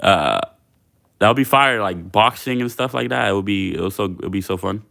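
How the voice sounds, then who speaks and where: A man's voice: fairly low pitch, moderate pace, gravelly, pushed and bright. A young man hosting a fitness livestream, chatting casually with viewers in a slangy, laid-back way.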